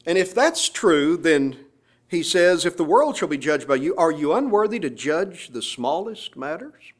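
Man pastor, slightly high voice, expository sermon, emphatic scripture quotes, church setting. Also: big pitch swings, a little slow.

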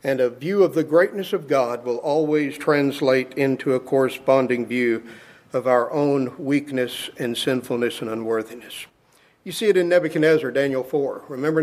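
Emphatic preacher man with a higher voice. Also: darkish tone. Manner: emphatic, repeats words for stress; quotes scripture in an acted voice. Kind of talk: sermon.

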